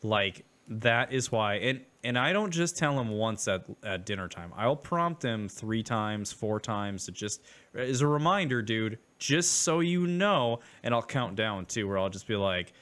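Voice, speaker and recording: A man's voice: on the low side, expressive, measured pace, a bit bright. A man in casual conversation, a father explaining matter-of-factly how he gets his son to eat. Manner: matter-of-fact, explains his parenting rules. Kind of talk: casual chat, podcast-like.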